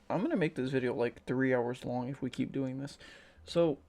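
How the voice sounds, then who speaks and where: Tired, gravelly male reaction YouTuber. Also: medium pitch, moderate pace, dark tone, a little hiss or hum. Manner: sarcastic, profane, rambling. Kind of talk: casual reaction commentary.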